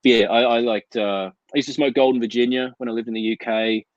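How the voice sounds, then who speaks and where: A man's voice: medium pitch, fairly even intonation, a little fast, no room sound. A man co-hosting a casual comics chat over a video call, telling rambling, profane anecdotes. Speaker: co-host of a comics chat show. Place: home out in the desert. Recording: dull lo-fi video call audio.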